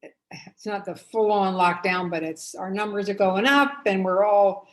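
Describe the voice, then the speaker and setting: A woman's voice: mid-range voice, a little slow, poor audio. A middle-aged woman hosting a casual painting tutorial, chatty and upbeat, often rambling with "anyway" and "um". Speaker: art teacher and host.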